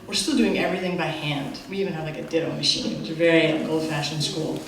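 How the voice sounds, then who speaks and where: A middle-aged woman telling a live personal story on stage, animated and self-mocking, with quick asides. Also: low-pitched, a little hiss or hum. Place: theater stage. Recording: echoey theater from far off.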